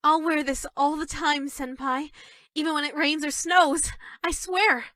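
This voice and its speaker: An actress voicing an obsessive yandere schoolgirl for a dating game, shy and stammering with flashes of dark menace. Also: high-pitched, steady tone, a little slow, dry recording, clean studio sound. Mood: shy adoring. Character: obsessive yandere schoolgirl, sweet but creepy. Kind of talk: scripted game voice lines.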